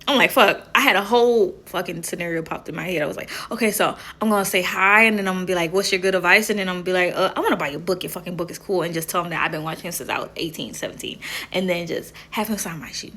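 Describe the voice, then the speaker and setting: A young woman talks casually to camera, telling a story with animated energy. Her voice is bright and sharp with a gravelly edge, and she often laughs and swears as she goes. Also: medium pitch. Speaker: vlogger.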